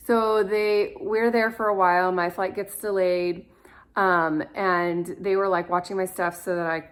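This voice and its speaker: Speaking to camera, an adoptive mother in her thirties rambles through casual stories with plenty of fillers. Her voice is on the low side, with a flat delivery and a measured pace.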